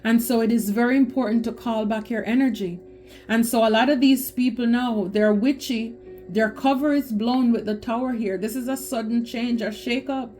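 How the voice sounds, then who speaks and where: A woman's voice: on the high side, dark tone. A woman giving a spiritual tarot reading, talking emphatically and repeating phrases for stress. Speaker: tarot reader.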